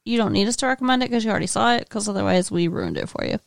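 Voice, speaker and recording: A woman co-hosts a casual podcast and trades movie opinions in a chatty, wry, offhand manner. Her voice sits at an ordinary middle pitch. The sound is dry, with no room echo. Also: rapid-fire, gravelly. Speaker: podcast co-host. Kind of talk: casual movie review chat.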